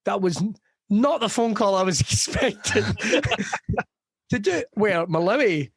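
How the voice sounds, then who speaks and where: A man with a West of Scotland accent, a comedian chatting as a podcast guest, telling lively stories and acting out the people in them. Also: high-pitched, unhurried, creaky, husky, no echo. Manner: lively storyteller who acts out quoted voices and laughs often. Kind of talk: casual podcast chat.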